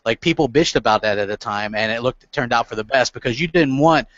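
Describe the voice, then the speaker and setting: A man's voice: mid-range voice, fast, a bit bright, dry recording. Rambling man with a dull, dry sound. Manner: rambling, filler-heavy. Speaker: podcast panelist. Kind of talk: casual chat.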